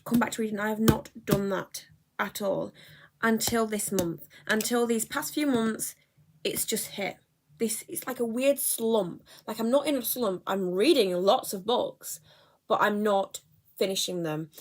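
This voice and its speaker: A woman's voice: fairly high pitch, slight background noise. Chatty young woman vlogging. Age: young adult. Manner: chatty, rambling, self-correcting. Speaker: book vlogger. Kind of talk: casual chat.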